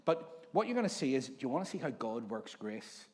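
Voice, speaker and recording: Northern Irish male pastor, 40s, mid-pitched, chatty storytelling sermon. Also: very animated, fairly quick, darkish tone, big-room sound. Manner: jokey storytelling, acts out overheard voices. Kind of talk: conversational sermon. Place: church hall.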